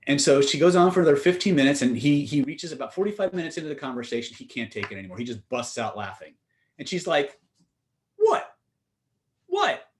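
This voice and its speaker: An emphatic man teaches influence techniques in a seminar, leading with a story. His voice sits at a middle pitch, and he speaks straight to his listeners, pressing his points with rhetorical questions. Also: expressive, fast talker, slight background noise. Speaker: influence and communication trainer.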